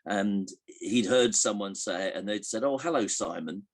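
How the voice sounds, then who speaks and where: A man's voice: on the low side, moderate pace, a little hiss or hum. An older man telling anecdotes in an interview, hesitant with many restarts, chuckling as he tells jokes. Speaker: interviewee recalling a comedian. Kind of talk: relaxed anecdotal interview answers.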